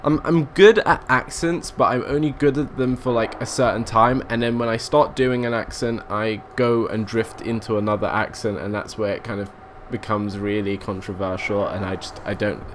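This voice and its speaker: A young man gives casual commentary over a train simulator game, talking at a slightly low pitch. He rambles, thinks aloud and often stops to restart his sentences. Faint background noise sits under his voice. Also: steady tone, normal speed, few pauses. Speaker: let's play gamer.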